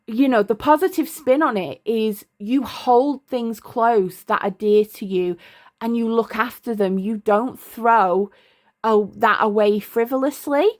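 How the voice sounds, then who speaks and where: A woman's voice: on the high side, a little slow. A middle-aged woman talking to camera at her desk in a casual, rambling way, often stopping to search for words. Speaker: tarot vlogger. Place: indoors at a desk.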